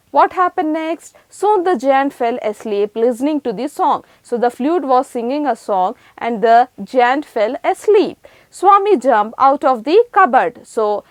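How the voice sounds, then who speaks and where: A woman's voice: sits high, darkish tone, no echo. A woman teacher, reading a children's story aloud in an online class, retelling each line simply and quizzing the children. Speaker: school teacher.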